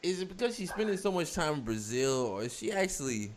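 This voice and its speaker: A man's voice: on the high side, very animated, fairly quick. A man hosting a casual podcast chat, blunt and crude, firing off questions. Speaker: podcast host.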